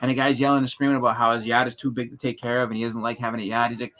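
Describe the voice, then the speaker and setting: New england guy rambling thru stories, bright sound, loud impressions. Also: mid-range voice, very fast, few pauses. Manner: rambling, animated storyteller, bursts into loud impressions. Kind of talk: casual chat.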